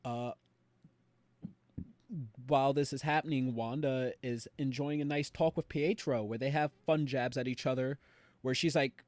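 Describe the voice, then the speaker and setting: Young male co-host, mid-pitch, casual recap with punchy swearing and quoted lines; dead-dry room. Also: no echo. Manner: animated retelling with quick voiced quotes, swears freely. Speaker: podcast co-host.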